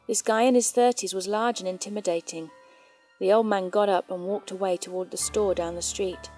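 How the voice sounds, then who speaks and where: A woman narrating true scary stories in a calm, measured storytelling voice. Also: mid-range voice. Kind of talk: reading scary stories aloud. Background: faint background music.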